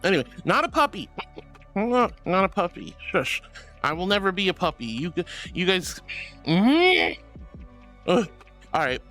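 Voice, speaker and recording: A woman's voice: on the low side, sing-song, moderate pace, long pauses, a bit bright. A young woman streamer chatting playfully with her viewers, giggling often, with faint music behind her. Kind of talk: casual live-stream chat.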